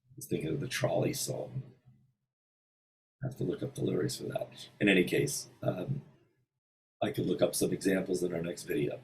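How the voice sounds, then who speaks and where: A man giving an informal singing lesson in a hotel room, thinking aloud with many pauses and breaking into short sung examples. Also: sits low, fairly even intonation, vocal fry, far from the mic, a little hiss or hum, rough recording. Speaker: voice teacher.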